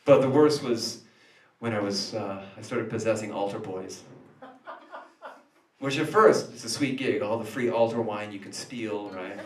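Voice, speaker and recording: A man's voice: lowish voice, unhurried. A man playing a male demon who confesses his sins at a recovery meeting in a sheepish, confessional way. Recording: echoey room from far off.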